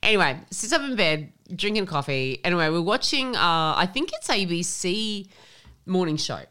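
A woman's voice: fairly low pitch, sing-song, normal speed, bright, forceful tone. A woman podcast co-host and strength coach chatting casually, blunt and swearing freely as she tells stories.

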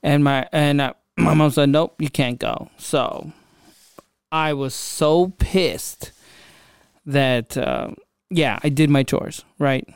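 A man's voice: a little high, slow pace, clear, resonant tone, no echo, clean studio sound. A young man hosting a podcast, telling a personal story in a casual, conversational way with lots of fillers and asides. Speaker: podcast host.

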